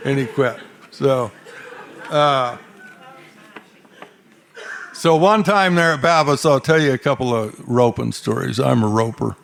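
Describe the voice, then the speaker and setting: A man's voice: mid-range voice, slow, creaky, long pauses, very noisy. An older man from Arizona, telling cowboy stories onstage in a folksy, dry-humored drawl. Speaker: cowboy storyteller. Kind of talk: onstage storytelling. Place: stage before a live audience.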